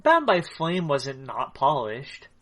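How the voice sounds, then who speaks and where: A man's voice: mid-range voice, huge pitch swings, slow pace, a bit bright. A man co-hosting a casual gaming podcast over a remote call, joking, swearing freely and laughing at his own remarks. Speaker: podcast co-host. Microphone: remote call mic.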